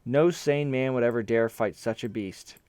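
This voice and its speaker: A man voicing a cheeky male healer who shouts teasing remarks, in a storybook reading. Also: mid-range voice, normal speed, clean tone, no room sound, lightly acted. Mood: mocking. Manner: loud, teasing.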